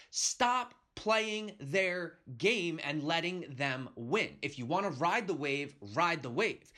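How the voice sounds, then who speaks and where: Ranting crypto host, lively high voice. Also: male voice. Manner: emphatic, keeps asking "okay?". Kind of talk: heated rant to viewers.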